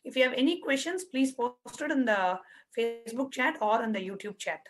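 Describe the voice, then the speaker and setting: High-voiced woman guiding a workshop. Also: normal speed, rough recording. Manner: patient, repetitive step-by-step instructions. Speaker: workshop facilitator. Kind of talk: guiding an online spiritual workshop.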